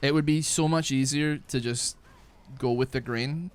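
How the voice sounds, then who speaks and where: A man's voice: mid-range voice, steady tone, normal speed, clean tone. A young man streaming a game live, chatting casually, rambling with frequent restarts and plenty of swearing. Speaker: gaming streamer. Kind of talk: casual live-stream chat while gaming.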